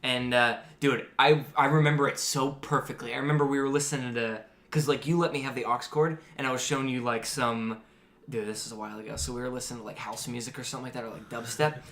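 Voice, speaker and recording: A young man hosting a podcast and telling a story to friends in a casual, animated way, swearing often and acting out what people said. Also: mid-range voice, fast talker. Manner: animated, swearing, acts out quotes. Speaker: podcast host. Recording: roomy echo.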